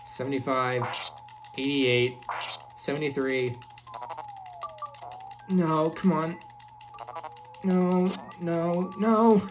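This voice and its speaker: Low-voiced woman casually narrating gameplay. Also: fairly even intonation, very slow, long pauses. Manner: casual, chatty, reacting to the game as she plays. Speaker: gaming channel host. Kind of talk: let's play commentary. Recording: game music playing underneath.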